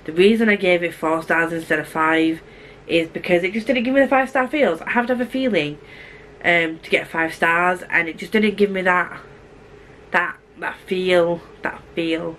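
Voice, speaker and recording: A woman talking quickly and chattily as a book vlogger, gushing in a casual review with asides and restarts. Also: fairly low pitch, a bit bright, slight background noise, poor audio.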